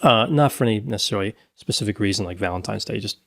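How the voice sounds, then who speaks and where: A middle-aged man, rambling through a story on a podcast. His voice is low and gravelly. He stops often to correct himself. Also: quick pace, a bit bright. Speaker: podcast co-host. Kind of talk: casual storytelling chat.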